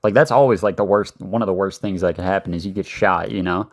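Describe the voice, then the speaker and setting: A man's voice: low voice, fast, highs cut off. A man telling a casual storytime tale, rambling with many fillers and swearing.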